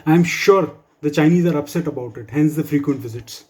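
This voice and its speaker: A man's voice: fairly high pitch, fairly quick, darkish tone. Wry man doing stand-up. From India. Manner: wry, dry humor with asides. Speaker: stand-up comedian. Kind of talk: stand-up comedy set for office colleagues.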